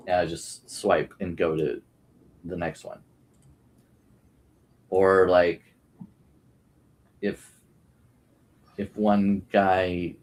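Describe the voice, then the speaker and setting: A man talking casually as a guest, hesitant and self-deprecating. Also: on the low side. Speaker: podcast guest. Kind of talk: casual chat.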